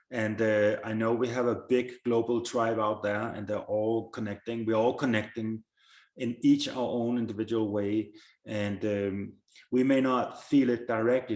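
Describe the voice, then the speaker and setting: Low-voiced man host in an echoey room. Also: level tone, normal speed, a little mellow. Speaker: podcast host. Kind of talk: casual conversation.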